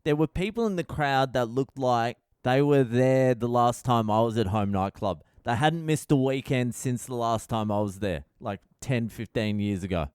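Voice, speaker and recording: A man's voice: mid-range voice, normal speed, few pauses, darkish tone, clean tone, no echo, clean studio sound. A middle-aged man telling a comic story on his podcast, sweary, exasperated and mocking. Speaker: comedian podcast host. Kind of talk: casual comedic storytelling monologue.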